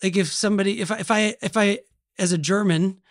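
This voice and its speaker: A man's voice: high-pitched, steady tone, brisk, dry recording, studio quality. A middle-aged man from Oklahoma with an Oklahoma accent, co-hosting a casual podcast chat with wry, joking asides.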